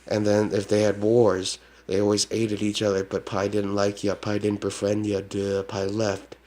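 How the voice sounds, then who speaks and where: A man's voice: lowish voice, monotone, moderate pace, dark tone. A man with a Hmong accent, a self-styled psychic shaman rambling in a monologue and ending phrases with a scornful "duh".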